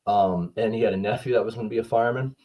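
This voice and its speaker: A man's voice: lowish voice, fairly even intonation, very fast, warm tone, rough recording. A man, a firefighter and art teacher, telling an earnest, heartfelt story as a guest in casual chat. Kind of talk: casual video-call chat.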